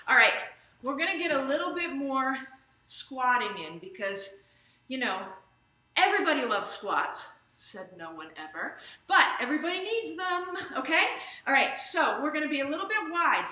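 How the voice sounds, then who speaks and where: A high, bright woman talks a stretch and strength class through each move over a live stream. She is upbeat and chatty and wanders off on small asides. Her voice rings around an echoey room. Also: lively intonation, moderate pace. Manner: upbeat, chatty, drifts into tangents. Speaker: fitness instructor. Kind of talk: live online exercise class. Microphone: camera or phone streaming live. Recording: roomy echo.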